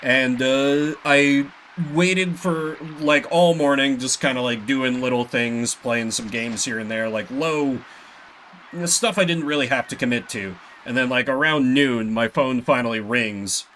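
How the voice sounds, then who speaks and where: A man's voice: medium pitch, measured pace, a bit bright, slight background noise. A man chatting casually while streaming a game, rambling with lots of filler.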